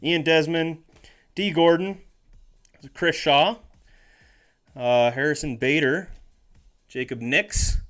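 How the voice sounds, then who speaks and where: A man's voice: on the high side, slow pace, long pauses, a bit bright, soft background music. A man chatting casually on a live stream as he opens packs, reading names aloud, joking and correcting himself along the way. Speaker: streamer opening trading card packs.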